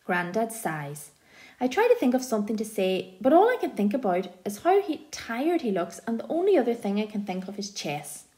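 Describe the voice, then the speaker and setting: A woman narrating an audiobook in a gentle, expressive storytelling manner. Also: on the high side, moderate pace.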